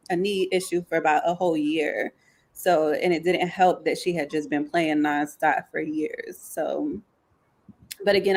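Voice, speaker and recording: Low-voiced woman musing aloud. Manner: thoughtful, hedging, many fillers. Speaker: podcast co-host. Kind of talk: casual chat.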